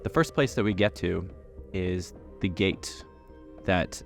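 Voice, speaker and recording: A man with a very low, deep voice tells a travel story to camera. He narrates in an animated way and acts out the lines of the people in it. Faint music sits under his voice. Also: slow pace, vocal fry. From Canada. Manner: animated, acts out quoted dialogue. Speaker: travel vlogger.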